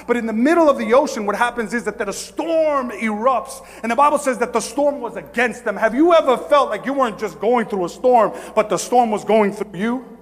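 A pastor preaches a sermon in a high voice, with a long reverb tail trailing his words. He shifts from hushed, slow stretches to shouted pleading, frequently repeating phrases and stammering when he restarts.

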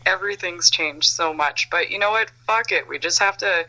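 A woman's voice: fairly low pitch, normal speed, sharp tone, low-quality recording. A woman guest on a podcast, chatting casually, laughing often and swearing freely. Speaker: podcast guest, make-up artist. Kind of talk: casual chat.

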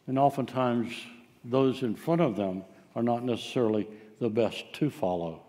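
A man's voice: medium pitch, normal speed, dark tone, big-room sound. A man preaching a sermon, telling stories in a folksy way with frequent filler sounds. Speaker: pastor.

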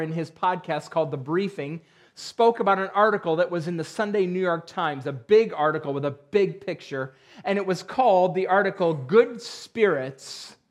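High-voiced man preaching a sermon. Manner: conversational with dry asides and self-deprecating humor; emphatic rhetorical questions. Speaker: pastor.

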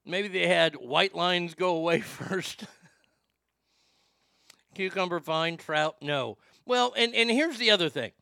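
A man's voice: high-pitched, slow, vocal fry, pushed and bright, dry recording. A man hosting a live stream, ranting crudely to his chat with incredulous outbursts and stammered restarts. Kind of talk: crude comedic rant to chat.

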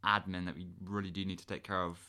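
A man's voice: deep voice, flat delivery, fast, bright, forceful tone. A man from England playing the exasperated straight man in an improvised comedy sketch, questioning in a flustered way.

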